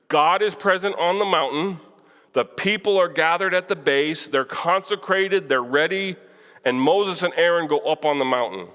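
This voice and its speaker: Man, preacher, conversational teaching, fairly high voice, long church reverb. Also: a bit bright. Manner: conversational, asks the room questions, chuckles. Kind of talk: Bible class teaching. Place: church hall.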